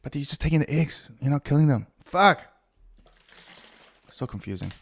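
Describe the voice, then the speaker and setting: A man's voice: fairly high pitch, animated, fast talker, gravelly, mellow, slightly rough. Rambling, profane middle-aged man. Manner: profane, rambling, self-mocking. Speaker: podcast host. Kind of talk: casual solo podcast monologue.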